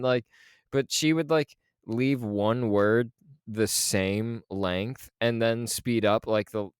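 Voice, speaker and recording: A man's voice: mid-range voice, slow, clear, resonant tone, dry recording, studio quality. A man co-hosting a podcast, chatting casually in a rambling, filler-heavy way as he tells stories. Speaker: podcast co-host. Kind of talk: casual chat.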